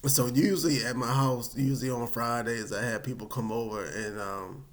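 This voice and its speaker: A man casually telling a personal story, animated and dramatic, with many fillers. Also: medium pitch, moderate pace.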